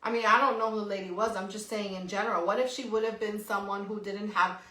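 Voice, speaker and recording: A middle-aged woman co-hosting a podcast, telling a story in a lively, casual way, swearing freely and tagging "right?" onto her sentences. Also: medium pitch, quick pace. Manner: animated, swears freely, says "right?" often. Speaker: podcast co-host. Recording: echoey room.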